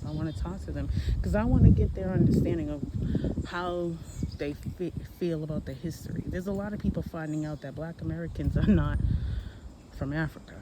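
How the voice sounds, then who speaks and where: Forties vlogger just walkin and talkin outside, rambly, keeps fixin what they said, traffic noise around. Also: medium pitch. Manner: rambling, conversational, self-correcting. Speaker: history vlogger. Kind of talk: casual walking vlog. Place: outdoors, walking on a hot day. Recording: noisy outdoor phone recording.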